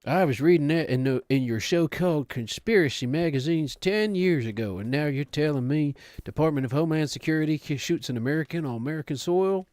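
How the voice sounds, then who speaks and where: A man voicing a gruff older father with a put-on Southern US accent and a slow, indignant drawl. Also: a little high, expressive, a little mellow, no echo, voice pushed up, close to an everyday voice.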